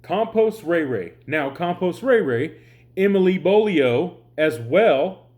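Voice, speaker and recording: A man's voice: a little high, expressive, slow, darkish tone. An exhausted, sleep-deprived man ranting in a rambling, exasperated way to his viewers, swearing often. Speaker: online commentator. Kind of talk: heated vlog rant.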